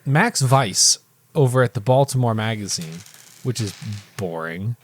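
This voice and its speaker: A man co-hosting a movie podcast in casual chat, chatty and quick to laugh. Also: medium pitch, no room sound. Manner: chatty, reads reviews aloud, laughs easily. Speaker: podcast co-host.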